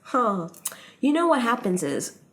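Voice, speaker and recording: A woman's voice: a little high, very animated, measured pace. A woman in her late twenties, a podcast guest chatting casually and animatedly, laughing often and using many fillers. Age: late 20s. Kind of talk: casual interview chat.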